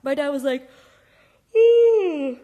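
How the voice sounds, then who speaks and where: A woman's voice: on the low side, expressive, a little fast, phone-quality sound. A young adult woman chatting casually on a podcast, with lots of filler words. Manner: chatty, heavy use of "like" fillers. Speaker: podcast guest or co-host. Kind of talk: casual chat.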